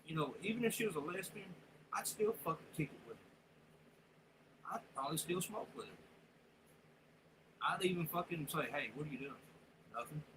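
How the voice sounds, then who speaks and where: A man's voice: high-pitched, expressive, normal speed, long pauses. A man livestreaming, rambling and swearing in casual chat. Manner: rambling, profane, drawling Southern-style talk. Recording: noisy room sound.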